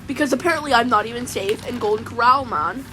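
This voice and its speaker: Brief: woman playing a laid-back mullet guy telling a goofy story, says "man" constantly, slightly high voice, faint hiss. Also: quick pace, lightly acted. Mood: rambling. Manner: rambling, ends nearly every sentence with "man". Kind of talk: comedic in-character story time.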